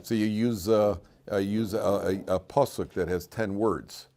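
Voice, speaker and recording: A man's voice: on the low side, steady tone, a little slow, warm tone. A middle-aged man giving an informal Torah class in a classroom, joking and rambling with many restarts and fillers. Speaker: rabbi teaching a class.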